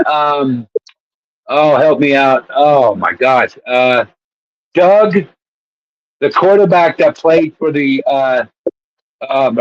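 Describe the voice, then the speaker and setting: A man's voice: on the high side, no echo, lo-fi sound. A man co-hosting a casual sports chat show, rambling and laughing as he tells stories. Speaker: co-host.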